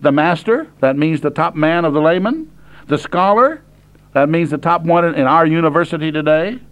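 Older man preaching, high plain-spoken voice. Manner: plain-spoken, reads verses slowly then explains. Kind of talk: sermon reading and explaining scripture.

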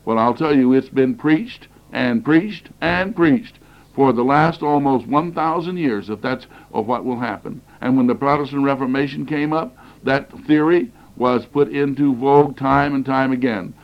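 A man of middle pitch delivers an emphatic lecture on Bible prophecy, hammering points home by repeating phrases. He is getting over the flu and coughs now and then. The sound is muffled and lo-fi, like an old cassette tape. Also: normal speed, creaky. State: recovering from flu, occasional coughing.

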